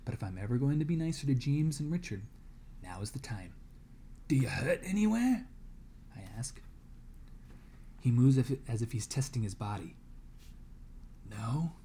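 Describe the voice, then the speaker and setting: A man's voice: mid-range voice, expressive, normal speed, pauses often, dark tone. A man reading a novel aloud to a class as a guest reader, dramatic and dropping to a whisper in tense moments.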